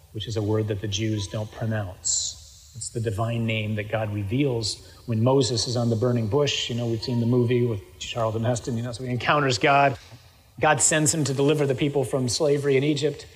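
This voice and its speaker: A man preaching a sermon, reading scripture aloud and breaking off into lively, emphatic asides. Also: medium pitch, big-room sound, poor audio. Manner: lively, quoting scripture with sudden loud asides.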